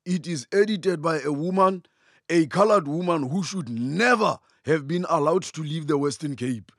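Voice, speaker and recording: A brash, arrogant young politician, as a man puts him on, blustering and dismissive in a satirical puppet sketch. The voice is fairly high for a man and dry. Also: normal speed, dry recording. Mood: scornful. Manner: blustering, royal "we".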